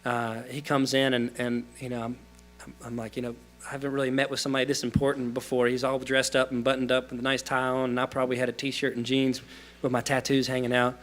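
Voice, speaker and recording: A man tells his story to an audience as a guest speaker. He talks in an earnest, conversational way, full of restarts and fillers. His voice sits mid-pitched, with faint music playing underneath. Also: monotone, a little fast, a bit bright. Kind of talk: storytelling talk. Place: lecture hall.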